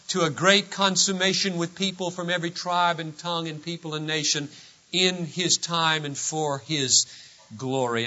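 A man preaching a sermon as pastor, emphatic and swinging between loud declarations and hushed asides, on a dull lo-fi recording. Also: fairly high pitch, steady tone, measured pace.

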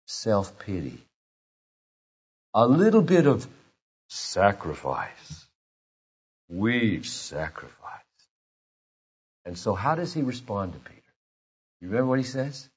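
A man in his fifties preaching a sermon, retelling scripture quietly and then building to shouted passion. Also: mid-range voice, slightly rough, dull audio. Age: 50s. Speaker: pastor.

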